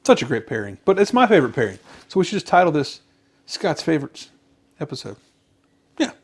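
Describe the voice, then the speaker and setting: A man co-hosting a casual podcast, telling a long joke with lively character voices. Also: fairly quick, breathy edge. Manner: animated joke-teller, jumps to high pitch for characters. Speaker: podcast co-host.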